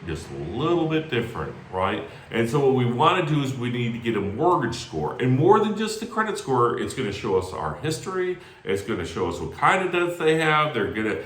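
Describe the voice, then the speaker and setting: A man giving energetic sales call training who often adds "right?" after his points. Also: mid-range voice, fairly quick, few pauses, reverberant, slight background noise. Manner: energetic, animated, tags lines with "right?". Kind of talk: training talk.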